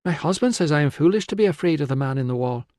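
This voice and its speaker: Give me a man playing an earnest, superstitious young woman healer, pitched up. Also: animated, rapid-fire, darkish tone, no room sound, clean studio sound, natural voice. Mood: wary.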